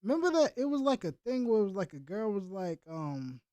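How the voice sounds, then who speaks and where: Man, high lively voice, slangy casual chat, dry close mic. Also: brisk, no echo. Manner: slangy, animated, chatting with live viewers. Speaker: reaction streamer.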